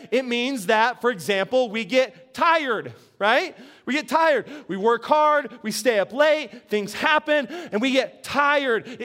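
Middle-aged guy preaching, really high voice, chatty, keeps asking the crowd stuff. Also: fairly bright tone. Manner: conversational, asks the congregation questions. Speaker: pastor. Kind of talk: sermon.

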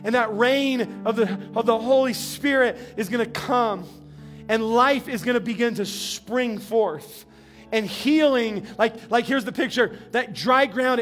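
A man, a pastor from New Mexico, preaching a conversational sermon, often repeating and restarting words and slowing down to an earnest tone. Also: very high voice, fairly bright tone.

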